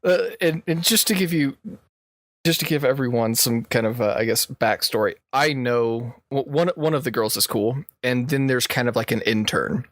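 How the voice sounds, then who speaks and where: A man's voice: medium pitch, normal speed, fairly bright tone, dry recording, studio quality. A man co-hosting a podcast, telling a work story in casual chat and laughing often as he goes. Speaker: podcast co-host.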